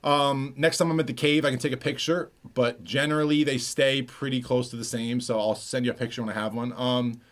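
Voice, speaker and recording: A man's voice: medium pitch, steady tone, fairly quick, hardly any pauses, a bit bright. A man who produces music, chatting casually on a livestream, swearing freely as he reads and answers viewers' messages.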